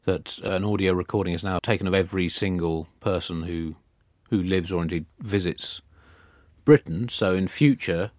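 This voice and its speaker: Deep-voiced deadpan man, dry mic. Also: moderate pace, no echo. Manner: deadpan, rambling absurd asides. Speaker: comedy guest. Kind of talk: deadpan satirical comedy chat.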